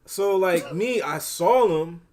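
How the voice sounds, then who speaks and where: A man co-hosting a podcast, telling work stories in relaxed, hesitant casual chat with many fillers. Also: high voice, slow. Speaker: podcast co-host, store manager.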